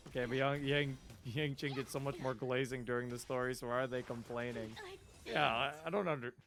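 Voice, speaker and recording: A man's voice: medium pitch, fairly even intonation, brisk, a bit bright. Chatty young man streaming a game. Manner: chatty, laughs often, swears casually. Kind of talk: casual live-stream gameplay commentary.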